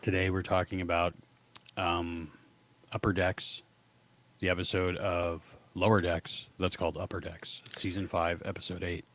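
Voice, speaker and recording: A man co-hosting a casual podcast, talking in a relaxed, easygoing way with plenty of fillers. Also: low-pitched, normal speed. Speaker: podcast co-host.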